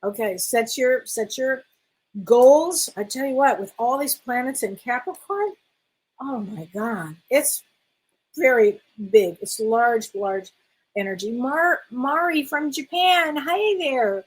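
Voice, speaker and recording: A woman's voice: sits high, lively intonation, slow, husky, poor audio. A middle-aged woman, a spiritual medium, hosts a casual live-stream question session, reading viewers' comments aloud and calling them honey. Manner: warm, affectionate, calls viewers honey, reads out comments.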